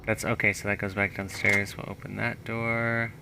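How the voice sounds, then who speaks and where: A man's voice: fairly low pitch, little pitch movement, normal speed, gravelly, background noise. A man streaming a video game live, chatting casually and thinking aloud as he plays.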